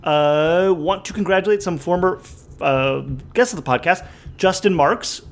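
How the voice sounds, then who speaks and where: A man's voice: sits high, moderate pace. A man co-hosting a comedy podcast, cracking wry jokes and reading out announcements in casual banter. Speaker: podcast co-host.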